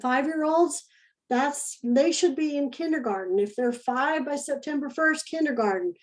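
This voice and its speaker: A woman's voice: high voice, normal speed, rough recording. A woman teaching early childhood education in a recorded lesson, talking in a conversational, demonstrative way and repeating key phrases.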